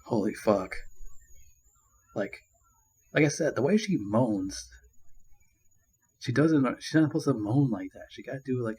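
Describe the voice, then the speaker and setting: A man's voice: mid-range voice, lively intonation, measured pace, pauses often, darkish tone, husky, rough recording. A man giving a casual movie review, rambling and ranting with constant swearing and crude jokes. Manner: crude, profanity-laden rambling; annoyed ranting.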